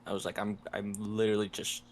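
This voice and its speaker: A man's voice: lowish voice, level tone, fast, slight background noise. A young man on a podcast, chiming in and relating his own story in bursts. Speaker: podcast co-host. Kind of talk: casual candid chat.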